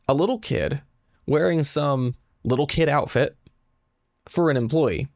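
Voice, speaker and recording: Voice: mid-range voice, unhurried, a little mellow, no room sound, clean studio sound. A young adult in their twenties reading online stories aloud and breaking off for sarcastic asides. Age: 20s. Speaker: storytelling channel host.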